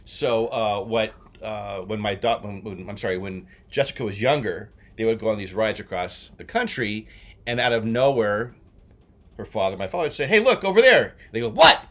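A man in his forties from New Jersey, co-hosting a casual chat and telling stories he acts out with shouts. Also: lowish voice, normal speed. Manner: animated storyteller, acts out shouts. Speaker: podcast co-host.

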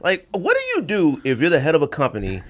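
A man co-hosting a podcast, talking in casual chat with slang and a mocking, animated delivery. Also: on the high side, fast talker. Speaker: podcast co-host.

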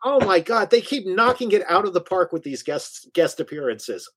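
A man's voice: high-pitched, sing-song, normal speed, fairly bright tone, husky, no room sound. A man co-hosting a casual podcast, introducing the episode with enthusiasm. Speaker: podcast co-host. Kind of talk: casual chat.

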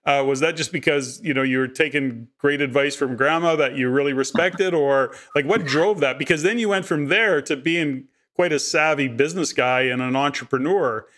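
A man's voice: on the high side, moderate pace, few pauses, a bit bright. A man who hosts a podcast and asks long, thoughtful questions full of "you know". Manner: thoughtful, rambling questions with many fillers. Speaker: podcast host. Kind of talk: interview questions.

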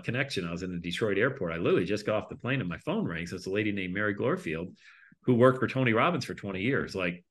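Low-voiced man telling a lively story. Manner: lively storyteller, voice jumps up for punchlines then drops low; trails off quietly at the ends of phrases. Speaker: interview guest, speaker and coach. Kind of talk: casual storytelling in an interview.

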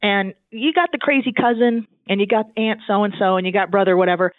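A man from Southern California talks as a guest in a chatty, animated way, often restarting his sentences. His voice sits high. The sound is thin and phone-like and completely dry. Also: brisk, no room sound. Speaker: guest, divinity student. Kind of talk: casual conversation.

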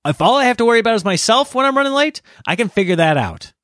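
A man hosting a podcast, telling a story in a casual, animated way, ranting in exasperation and laughing at himself. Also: very high voice, fast talker, no echo, clean studio sound. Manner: self-deprecating, laughs at himself. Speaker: podcast host.

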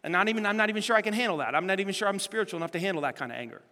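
In a large hall, a high-voiced pastor races through his sermon at a very fast clip. He's animated, posing question after rhetorical question to the congregation.

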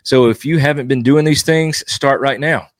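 A man's voice: medium pitch, normal speed, no room sound, studio quality. A man giving earnest devotional teaching as a Baptist preacher, exhorting his listeners and driving points home with repetition.

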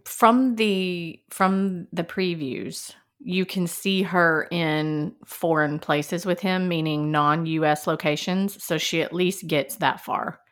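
A woman's voice: on the low side, fairly even intonation, slow, hardly any pauses. A woman co-hosting a podcast, recapping in chatty, gossipy casual talk. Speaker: podcast co-host. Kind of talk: casual chat.

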